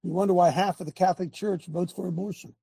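A man hosting an online talk show, giving fiery religious and political commentary in an excitable, rambling way with shouted asides. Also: sits high, quick pace, vocal fry, breathy edge, no room sound.

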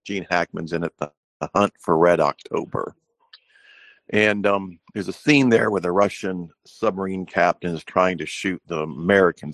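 Male caller, very low voice, dry sound, plainspoken and grim. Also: no echo. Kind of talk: call-in talk radio.

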